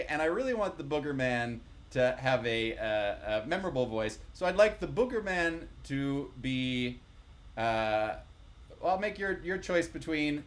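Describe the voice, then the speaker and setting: A man's voice: fairly high pitch, a bit bright. Upbeat man hosting a table read. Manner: upbeat, joking narration. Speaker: host and narrator.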